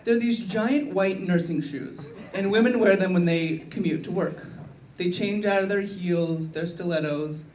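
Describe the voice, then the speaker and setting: A woman doing a stand-up routine with a wry, deadpan delivery in a comedy club. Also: fairly low pitch, measured pace, few pauses, far from the mic, slight background noise. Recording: echoey club miked from afar, crowd laughter.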